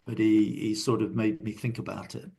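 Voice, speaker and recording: A man's voice: on the low side, flat delivery, moderate pace, creaky, warm tone. An older man, a guest in a casual interview, telling reflective stories from his working life. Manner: reflective, anecdotal storyteller.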